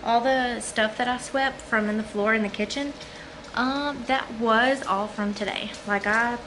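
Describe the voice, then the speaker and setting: A woman's voice: a little high, noisy background. A woman vlogging at home, out of breath and chatting in a rambling way with many ums and likes. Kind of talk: casual talk to camera. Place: at home, living room or kitchen.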